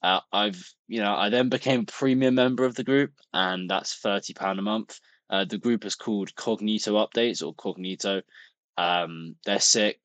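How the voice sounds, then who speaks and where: A man's voice: deep voice, fairly bright tone, no room sound. A young man, talking casually to camera in a rambling, chatty vlog, full of restarts and the odd swear. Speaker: vlogger.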